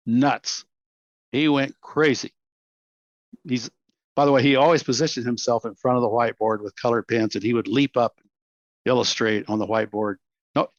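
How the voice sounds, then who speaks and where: An older man in his seventies with a Texan accent recounts his story with lively energy, slipping into the voices of the people he quotes. His recording sounds dull and dry, with no room around him. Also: medium pitch, no room sound. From Texas, USA. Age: 70s. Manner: animated, acts out quotes, laughs often. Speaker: interview guest. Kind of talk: reflective storytelling.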